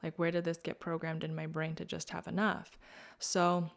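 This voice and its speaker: A woman hosts her own podcast in a candid, searching way, leaning on "like" as she works through her thoughts. Her voice sits fairly low and carries a strong gravelly fry. She drops into whispered asides at times and lifts her voice when her feelings well up. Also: completely flat delivery, normal speed. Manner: candid, searching, filler-heavy with frequent "like"; shifts between quiet, whispered asides and raised, emotional moments. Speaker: podcast host. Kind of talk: personal reflective podcast talk.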